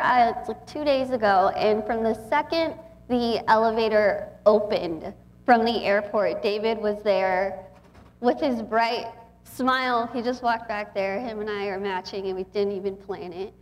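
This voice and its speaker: A woman's voice: on the high side, measured pace. A woman in her twenties from Texas, giving a chatty, emotional inspirational talk to an audience as a guest speaker. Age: 20s. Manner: chatty, warm and emotional, with frequent laughs.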